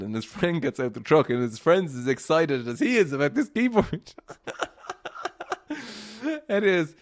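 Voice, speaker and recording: A young man hosting a solo podcast, telling stories in a rambling, casual way, swearing freely and laughing often. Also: medium pitch. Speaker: podcast host.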